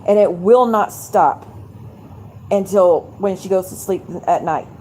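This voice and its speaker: With a little hiss or hum in the background, a woman live-streams from home at night, angrily cursing and wandering between complaints as she talks casually to viewers. Her dark, mellow voice has a medium pitch and a measured pace.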